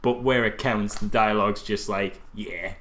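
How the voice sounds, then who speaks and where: A man's voice: lowish voice, fairly even intonation, normal speed, fairly bright tone. A man co-hosting a casual film review podcast, chiming in with jokes and quips. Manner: jokey, chimes in with quips. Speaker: podcast co-host.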